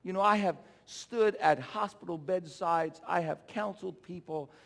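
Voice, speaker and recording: High gravelly preacher man in reverberant church. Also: moderate pace. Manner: impassioned preaching, builds to shouts then drops low; call-and-response exhortations. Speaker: pastor. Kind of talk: sermon. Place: church sanctuary.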